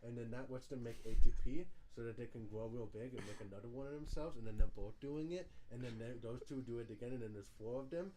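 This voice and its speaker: Young man, mellow rambling explainer. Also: mid-range voice, fast talker, hardly any pauses, slight background noise, rough recording. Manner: rambling explainer, many restarts and "like". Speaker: podcast co-host. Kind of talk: casual chat.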